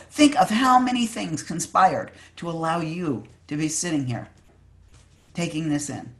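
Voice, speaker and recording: A preacher giving a heartfelt Shabbat sermon over a video call, earnest and emphatic, sometimes pausing to search for words. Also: medium pitch, lively intonation, a bit bright. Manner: fervent, searching for words with fillers and restarts. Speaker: maggid, preacher.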